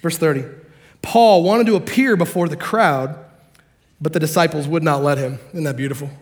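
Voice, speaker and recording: A man preaching a sermon to a congregation, animated and joking, acting out the characters in the story. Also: a little high, normal speed. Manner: animated, acts out quotes, jokes with the congregation. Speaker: pastor.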